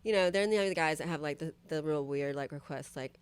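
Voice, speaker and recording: A woman's voice: sits low, quick pace, smooth. A young woman guest on a podcast, chatting candidly and animatedly, full of "like" and "you know what I mean", often voicing the people she quotes. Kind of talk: casual chat, candid storytelling.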